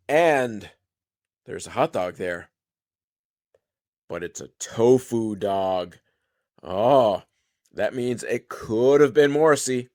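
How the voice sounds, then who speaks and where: A man's voice: medium pitch, a little mellow. A man giving a rambling, profane and sarcastic comedic recap of a film, wandering off into side stories.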